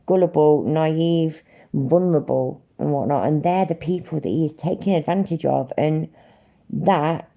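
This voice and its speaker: Low-voiced sarcastic British woman. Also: mellow. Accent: British English. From Britain. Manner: sarcastic, sweary ranting. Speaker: livestream host. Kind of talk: live commentary reacting to clips.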